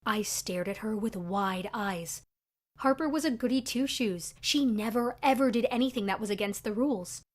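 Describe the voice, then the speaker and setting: A young woman narrating her own story in a chatty, confessional, scripted style for an animated video. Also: fairly high pitch, moderate pace.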